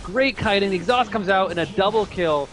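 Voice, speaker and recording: A man giving steady play-by-play commentary on a competitive video game match. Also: high voice, a little hiss or hum. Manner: rapid, steady play-by-play calling. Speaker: esports commentator.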